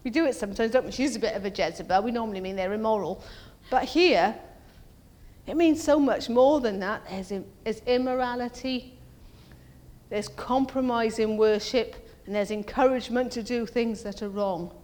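A woman's voice: normal speed, a little mellow. A woman preaching a conversational sermon, asking her congregation questions and acting out quoted voices. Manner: acts out quoted voices in a higher pitch. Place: church. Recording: long reverb of a church hall.

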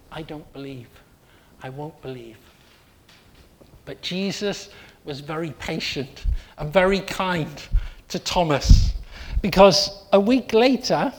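Preacher, sermon, unhurried delivery, earnest and repetitive. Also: medium pitch, slight background noise. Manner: slow, earnest storytelling with repetition.

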